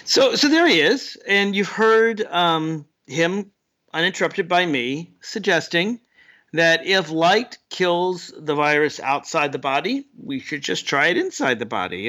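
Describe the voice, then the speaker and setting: A man delivers a political opinion monologue in a sardonic, animated way. His voice sits a bit high and sounds bright and forward, and it leaps upward when he mocks someone. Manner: sardonic, animated with sudden pitch jumps. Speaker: political commentator host.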